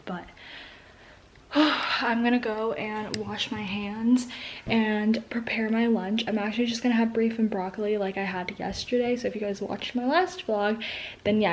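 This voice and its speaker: A woman's voice: mid-range voice, fairly even intonation, moderate pace, noisy background. A young woman and student talking casually to her viewers in a day-in-my-life vlog, chatty and full of "like" fillers. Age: young adult. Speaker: vlogger.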